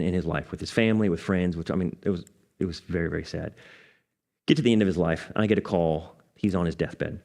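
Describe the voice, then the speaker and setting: A man pastor, teaching a Bible study and telling a personal story, dropping low and soft at solemn moments. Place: church.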